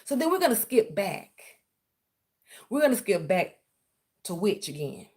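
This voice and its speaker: A woman's voice: mid-range voice, very animated, unhurried, a little mellow. A woman, ranting on her vlog and sarcastically accusing someone of spying on her. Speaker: vlogger. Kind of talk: confrontational callout rant.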